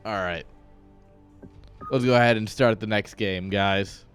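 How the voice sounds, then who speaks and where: A man's voice: lowish voice, fairly even intonation, measured pace, soft background music. A man casting a game stream, chatting casually and teasing with lots of laughs. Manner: joking, teasing, laughs often. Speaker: esports caster.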